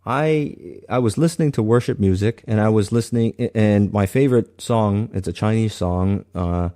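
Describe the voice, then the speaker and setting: A man sharing a personal faith testimony in an earnest, halting way, often restarting his sentences. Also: fairly low pitch, warm tone.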